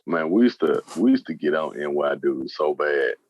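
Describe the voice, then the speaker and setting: A man's voice: extremely low pitch, expressive, normal speed, a little mellow, muffled recording. A man co-hosting a podcast, joking around in casual chat and imitating slang greetings. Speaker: podcast co-host.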